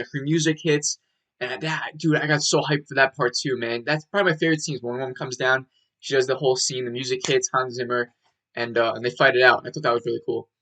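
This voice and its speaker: Bright-voiced young man ranting about movies. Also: medium pitch, rough recording. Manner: rambling, heavy "like" filler, swearing. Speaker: movie reviewer. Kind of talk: casual review monologue.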